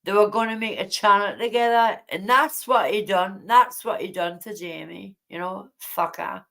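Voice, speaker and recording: A woman's voice: mid-range voice, normal speed, gravelly, sharp tone. A woman hosting a late-night livestream from home, rambling and indignant as she chats to her viewers and greets them by name. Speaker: livestream host. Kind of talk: casual livestream chat to viewers.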